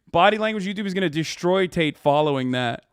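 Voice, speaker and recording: A man's voice: high-pitched, sharp tone, smooth, no echo, studio quality. Heated, profane male streamer. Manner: heated, profane, sarcastic rant. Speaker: livestream host. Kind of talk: reacting to a debate clip.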